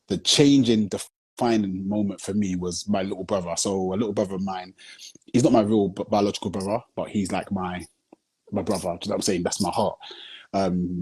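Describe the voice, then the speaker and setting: A man's voice: low-pitched, darkish tone, breathy edge. A man, a film director and guest on a live video chat, telling his story earnestly and often asking whether you follow him. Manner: earnest storytelling, heavy with "you know what I'm saying". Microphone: phone on a live video stream.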